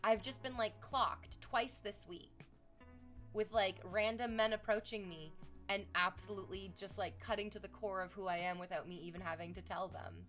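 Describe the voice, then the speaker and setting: A woman's voice: medium pitch, steady tone, moderate pace, a bit bright, faint music behind. A young woman streaming from Canada, chatting with viewers in a rambling, sarcastic and profane way. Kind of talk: casual stream chat.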